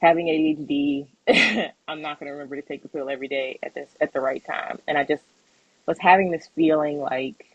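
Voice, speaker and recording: Husky young woman telling a story. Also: low-pitched, fairly quick, no room sound, dull audio. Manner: animated, acts out quoted voices, laughs often. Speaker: podcast co-host. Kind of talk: casual podcast storytelling.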